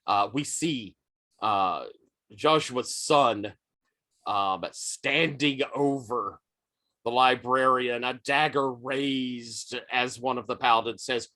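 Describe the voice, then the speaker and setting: A male game master narrates a tabletop roleplaying scene in a measured, descriptive style. He speaks slowly and evenly at a mid pitch. The recording is dry and close. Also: bright, forceful tone, no room sound.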